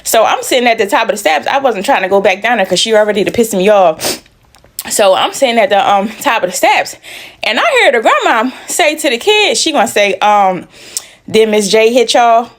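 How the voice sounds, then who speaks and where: A woman's voice: a little high, animated, a little fast. A woman telling a personal story in a casual storytime style, emphatic and repeating phrases for effect.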